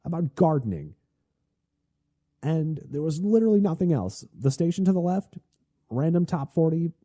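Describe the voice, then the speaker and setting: A man hosting a solo podcast, talking in a rambling, chatty and excitable way. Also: on the high side, moderate pace, dry recording, clean studio sound. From Tennessee. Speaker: podcast host.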